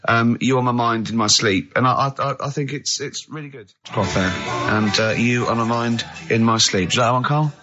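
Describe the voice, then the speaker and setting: A man hosting a comedy radio show, teasing his co-hosts and laughing loudly. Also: mid-range voice, fairly quick, over music. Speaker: radio host. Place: radio studio. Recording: dull lo-fi radio broadcast.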